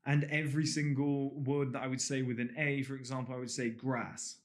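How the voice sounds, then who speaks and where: Blunt, swearing English coach. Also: male voice, mid-range voice, little pitch movement, fast. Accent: posh English. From England (Gloucestershire). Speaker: dating and body language coach. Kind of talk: direct-to-camera course talk.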